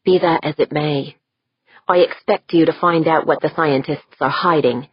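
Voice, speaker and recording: A woman's voice: low voice, steady tone, moderate pace, breathy edge, no room sound, muffled recording. A woman voicing a curt, commanding woman leader. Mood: demanding. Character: imperious demanding woman commander.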